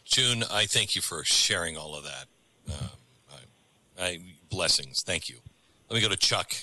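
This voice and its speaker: A man's voice: low-pitched, expressive, normal speed, sharp tone, no room sound. A man hosting a call-in radio show, earnest and reflective, often repeating words as he thinks. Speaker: radio talk show host.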